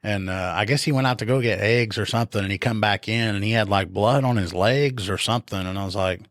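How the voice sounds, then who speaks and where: A lower-pitched man chatting casually on a podcast, laughing a lot as he tells stories. The sound is dry and close, with no room around it. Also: fast, no echo. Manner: laughs often, tells stories with quoted lines. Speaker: podcast co-host. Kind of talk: casual chat.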